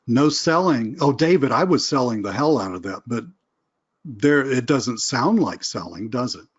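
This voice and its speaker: A man teaches a live sales webinar in a casual, conversational style, role-playing phone calls as examples. His medium-pitched voice has lively intonation and a breathy edge at a moderate pace, and the recording sounds muffled.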